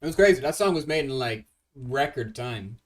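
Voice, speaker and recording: A young man hosting a casual livestream as a game composer, rambling and excitable, swearing often and restarting his sentences. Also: mid-range voice, normal speed, far from the mic.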